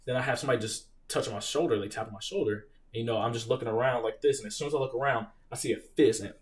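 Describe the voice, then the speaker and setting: Young male streamer, mid-range voice, off-mic a bit; casual, animated, swears freely. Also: medium pitch, very fast, hardly any pauses, distant mic, a little hiss or hum. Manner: reads viewer questions, animated profane storytelling. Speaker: live stream host, Marine veteran. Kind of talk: casual live Q&A.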